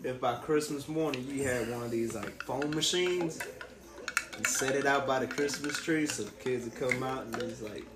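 A man's voice: mid-range voice, moderate pace, very noisy. Laid-back man in an echoey room. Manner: laid-back, laughs along, casual profanity. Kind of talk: casual chat.

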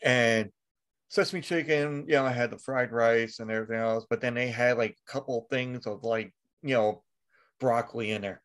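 A man's voice: mid-range voice, steady tone, normal speed, a bit bright. A man hosting a podcast, telling rambling stories with frequent laughter and swearing. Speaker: podcast host. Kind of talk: casual chat.

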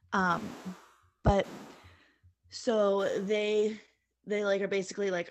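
A woman on a podcast, telling a story in a loose, chatty way and acting out little bits of dialogue as she goes. She lands in the middle of the usual pitch range, with a faint hiss of noise under her voice. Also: normal speed. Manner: animated retelling, acting out quotes with lots of "like". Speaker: podcast co-host. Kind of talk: casual storytelling chat.

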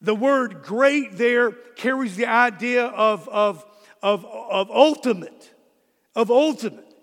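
A man's voice: extremely high pitch, takes it slowly, fairly bright tone, in a large hall. A man preaching a sermon as pastor, emphatic and repeating key words for stress.

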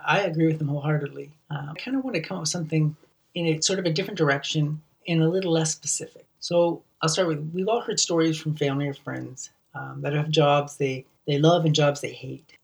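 A man's voice: on the high side, vocal fry. Guy hosting his own podcast, earnest, keeps restarting his sentences, sounds a little far from the mic. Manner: earnest, repeats words and restarts often. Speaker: podcast host. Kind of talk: solo podcast monologue.

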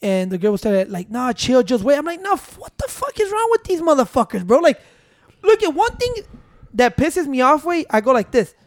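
A man's voice: extremely high pitch, sing-song, brisk, no echo, studio quality. A man telling a long, profane story in casual chat with friends, switching into Spanish and interrupting himself with "wait". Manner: rambling, profane, mixing in Spanish, keeps saying "wait".

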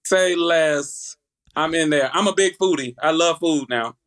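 Man with a Southern US twang, somewhat high voice, animated, stumbling restarts, casual interview. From United States. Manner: animated, halting restarts, laughs easily. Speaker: rapper, interview guest.

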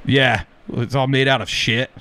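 A man's voice: medium pitch, steady tone, measured pace, pushed and bright. A man co-hosting a podcast, chatting in a profane, incredulous way and laughing often. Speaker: podcast co-host. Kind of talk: casual podcast chat.

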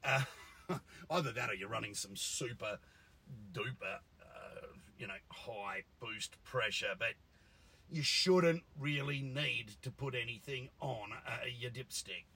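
A man's voice: mid-range voice, a little slow, pushed and bright, husky, rough recording. A man, a car tuner ranting bluntly and swearing in a casual monologue. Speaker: engine tuner.

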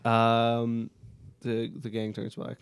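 A man's voice: medium pitch, completely flat delivery, takes it slowly, vocal fry, clear, resonant tone, no room sound. A man co-hosting a podcast, making wry, mocking remarks in casual chat while film clips play. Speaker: podcast co-host.

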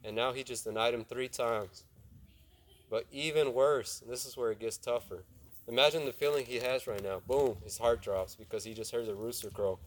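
A man's voice: mid-range voice, steady tone, moderate pace. Casual young male youth preacher. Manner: conversational, asks the audience questions, acts out dialogue. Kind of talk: casual sermon retelling a Bible story.

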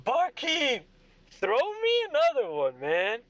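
A man doing a loud rowdy drunk in a tavern. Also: extremely high pitch, huge pitch swings, slow, dry recording, highs cut off, pitched above the performer's own voice, full character voice.

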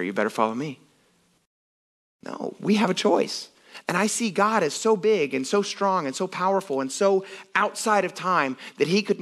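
Man, pastor, casual animated sermon, slightly higher voice, acts out quotes. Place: church sanctuary.

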